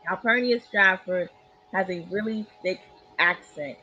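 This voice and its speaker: A woman hosting a relaxed interview chat in an upbeat voice that is quick to laugh. The recording is dull and lo-fi, with a faint hum running underneath. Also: on the low side. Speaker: host.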